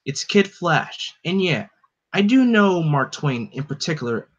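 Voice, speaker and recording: An eager young speedster hero, earnest and touchy, as a man puts him on. His voice is pitched bright and high. The recording sounds dull and lo-fi. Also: very animated, unhurried, heavily acted.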